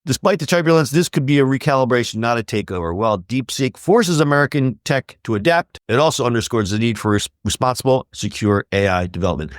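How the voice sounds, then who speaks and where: A man hosting a podcast, chatting casually and reading news items with lively emphasis. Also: mid-range voice, fast, hardly any pauses, no echo, studio quality. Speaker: podcast host.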